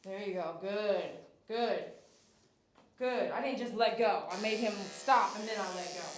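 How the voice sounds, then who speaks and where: A woman's voice: mid-range voice, unhurried. A woman dog groomer on a livestream, coaxing and soothing the dog while chatting with viewers. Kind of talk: live-streamed grooming chat. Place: grooming salon, indoors. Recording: echoey room, mic at a distance. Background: clipper hum.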